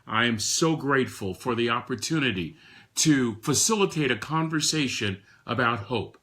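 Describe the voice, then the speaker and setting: A man in his sixties giving a motivational talk to a live audience, emphatic, with frequent repeated words and swings between soft and loud. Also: mid-range voice, lively intonation, normal speed. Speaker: motivational speaker.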